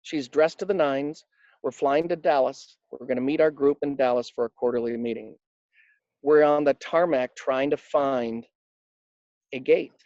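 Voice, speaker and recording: This time the man's voice is mid-range and a little mellow, moving at a moderate pace as he tells anecdotes in an interview about coaching financial advisors. He uses emphasis and acts out quotes in a conversational storytelling style. The sound is dull, without echo.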